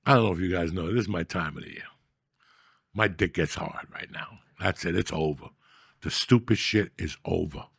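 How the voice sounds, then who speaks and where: A man hosting a podcast, telling stories in a profane, loud, animated comedic rant. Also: sits low, normal speed, vocal fry, breathy edge, no echo, studio quality. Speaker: podcast host.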